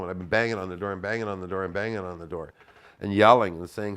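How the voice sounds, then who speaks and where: A middle-aged man with a somewhat low voice tells a story casually. He swears freely and acts out the dialogue in a raised, animated voice. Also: fast.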